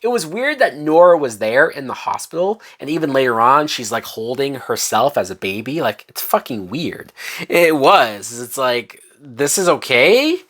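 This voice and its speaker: A woman's voice: a bass voice, sing-song, normal speed, fairly bright tone. A woman reviewing a TV finale in a profane, exasperated rant, swearing and mocking as she goes. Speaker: TV show reviewer.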